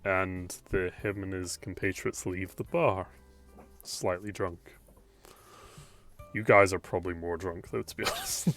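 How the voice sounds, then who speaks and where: A low-voiced man runs a tabletop role-playing game. He narrates casually and jokily, laughing often and using loose slang, with soft music playing behind him. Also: level tone, measured pace, long pauses. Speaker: game master.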